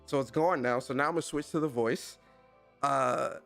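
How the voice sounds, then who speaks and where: A man hosting a casual live stream, giving rapid slangy shout-outs to his chat. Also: a little high, lively intonation, soft background music. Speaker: podcast and stream host.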